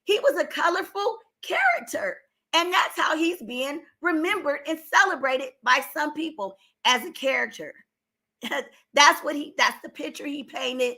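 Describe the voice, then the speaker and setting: With a high pitch, lively intonation and a bright, forceful tone, an older woman delivers her opinions at a measured pace. She's an emphatic, exasperated commentary vlogger whose strained voice rises to outbursts.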